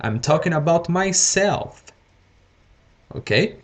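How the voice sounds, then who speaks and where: Slow, careful male teacher. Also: mid-range voice, lively intonation. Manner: deliberately slow, repeats words and says okay often. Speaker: English teacher. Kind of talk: live-streamed grammar lesson.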